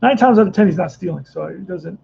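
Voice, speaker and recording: A man with a high, gravelly voice talks through a tabletop baseball game, rambling and restarting as he thinks aloud. His tone is dark and mellow, and the recording sounds dull and slightly lo-fi with faint background noise. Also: animated, fast talker. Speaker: tabletop baseball player narrating a replay. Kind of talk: casual play-by-play and chat.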